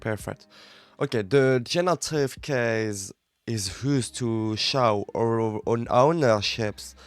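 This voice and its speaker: A French man with a French accent, a native French speaker, reading English lessons aloud on a study live stream and halting to repeat words while practising pronunciation. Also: medium pitch, clear, resonant tone, no room sound, faint music behind.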